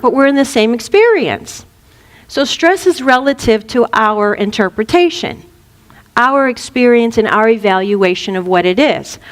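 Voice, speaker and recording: In a relaxed spiritual talk, a woman reverend brings her stories to life, playfully acting out the quotes. Her voice runs a little high, with a long reverb tail behind it.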